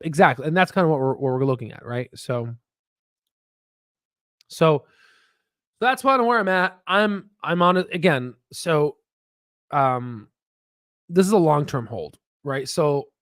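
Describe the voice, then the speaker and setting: A man hosting a casual stock market video, rambling and excitable, with frequent profanity and restarts. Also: fairly high pitch, no room sound, studio quality. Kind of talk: casual market commentary with screen share.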